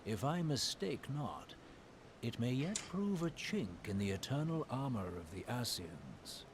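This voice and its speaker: A formal archaic sage. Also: male voice, mid-range voice, very animated, measured pace, noisy background. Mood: solemn. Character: scholarly male sage in archaic speech.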